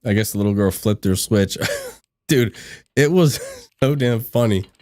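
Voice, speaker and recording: Chatty low-voiced man hosting a game stream. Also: a little slow, darkish tone, no echo. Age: adult. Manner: chatty, laughs often, reads out chat replies. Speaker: livestream gaming host. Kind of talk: casual chat while gaming.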